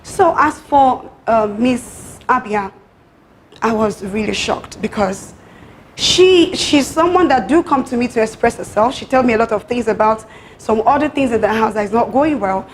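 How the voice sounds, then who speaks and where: Young woman, Nigerian accent, pageant contestant, defensive animated confessional, slightly high voice. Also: normal speed, slight background noise. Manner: defensive, animated retelling with quoted exchanges. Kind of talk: reality show confessional.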